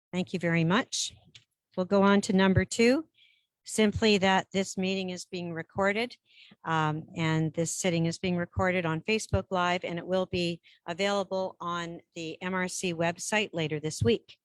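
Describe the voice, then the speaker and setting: A woman chairing a regional council meeting in a brisk, procedural way, switching between English and French. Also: on the low side, no echo. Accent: Canadian French-English bilingual.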